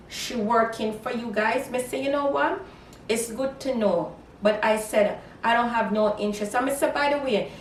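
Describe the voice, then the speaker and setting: A woman's voice: medium pitch, slight background noise. A woman, telling a casual storytime vlog and animatedly quoting herself in Creole. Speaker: vlogger. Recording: echoey room, mic at a distance.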